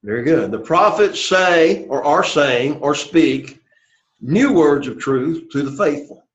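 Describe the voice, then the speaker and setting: A man's voice: a little high, expressive, slow pace, highs cut off. A man teaching a Greek class, patiently walking students through translations and often checking in with "okay?" and "all right?". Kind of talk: classroom lecture.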